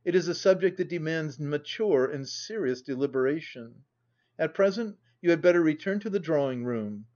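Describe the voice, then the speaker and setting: A man voicing a stern, dignified older aunt who speaks coldly and gravely, on a dull lo-fi recording. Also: a little high, expressive, a little mellow, close to an everyday voice. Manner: cold, measured, reproving.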